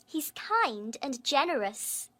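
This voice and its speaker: A woman's voice: high voice, sing-song, slow, bright, forceful tone, exaggerated voice. A woman voicing a friendly young schoolgirl who loves reading, answering sweetly and carefully.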